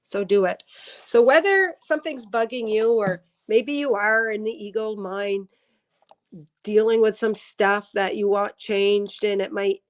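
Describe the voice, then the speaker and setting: A woman's voice: medium pitch, measured pace. Chatty woman giving live-stream readings. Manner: chatty, talks to viewers by name, laughs often. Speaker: intuitive reader on a live stream.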